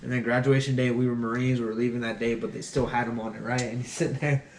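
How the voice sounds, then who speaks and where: A young man, a former Marine, telling boot camp stories in a casual, animated way, often laughing. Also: medium pitch, fast, slight background noise. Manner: animated, laughing, acting out shouting drill instructors in his stories. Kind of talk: casual storytelling chat. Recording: echoey room, somewhat far from mic.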